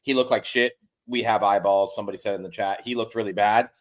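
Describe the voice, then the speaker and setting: A man's voice: on the low side, fairly even intonation, fast talker. A man co-hosting a sports podcast, rambling with lots of "like" and swearing as he criticizes the team. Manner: rambling, filler-heavy, profane. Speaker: podcast co-host. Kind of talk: casual sports chat.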